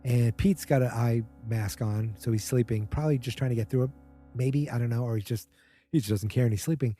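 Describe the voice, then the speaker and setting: A man's voice: mid-range voice, brisk, warm tone, faint music behind. A man hosting a podcast, casually recapping a TV episode in a chatty, wry way and mimicking the characters' lines. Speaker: podcast host.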